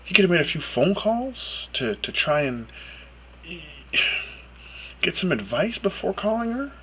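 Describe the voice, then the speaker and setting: A man's voice: sing-song, slow, sharp tone, low-quality recording. Guy ranting into his webcam, cussing a lot, voice shoots up when he's fed up, little bit of hiss. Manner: emphatic, swears a lot, pitch jumps up when exasperated. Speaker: video blogger. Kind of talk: profane ranting monologue.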